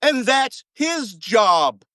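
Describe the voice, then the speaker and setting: A man's voice: very high voice, very animated, extremely slow, bright, forceful tone, dry recording. A man who served as a navy chief, giving heated, profane, emphatic commentary as a guest on a talk show.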